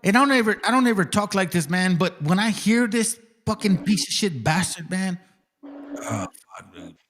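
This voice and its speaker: A man's voice: high-pitched, big pitch swings, normal speed, noisy background. A man hosting a casual reaction commentary, ranting heatedly and swearing constantly. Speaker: stream host.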